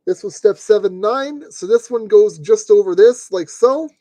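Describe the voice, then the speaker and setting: A man's voice: high-pitched, normal speed, mellow, dry recording. A man streaming live from his desk, casually talking himself through each step as he assembles a model kit. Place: at a desk indoors.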